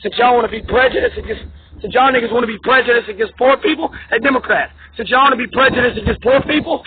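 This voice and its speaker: Brief: very high-pitched man, agitated profane ranter, heavily repetitive, on thin phone-quality audio. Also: fast. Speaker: vlogger. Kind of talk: angry political rant. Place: New York. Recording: tinny phone-like audio, faint noise.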